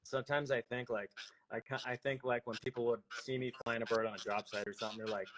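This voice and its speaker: A man hosting a podcast in casual interview chat, friendly and relaxed, laughing easily. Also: mid-range voice, fast, a little hiss or hum, rough recording. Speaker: podcast host.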